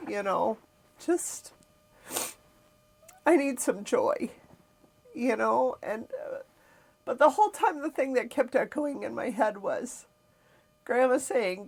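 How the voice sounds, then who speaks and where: A woman's voice: a little high, lively intonation, slow pace, gravelly, pauses often. A middle-aged woman hosting a podcast, telling a personal family story in a reflective, emotional way with frequent sighs. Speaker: podcast host.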